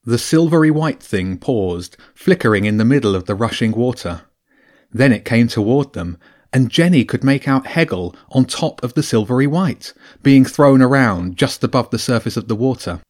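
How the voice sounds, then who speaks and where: A man narrating a children's adventure audiobook with a lively, expressive reading. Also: medium pitch, normal speed. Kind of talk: storybook narration.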